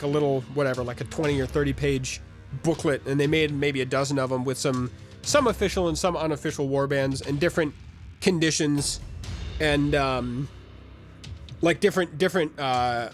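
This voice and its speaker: A man streaming a game live, chatting in a rambling way and reading viewer comments aloud. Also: mid-range voice.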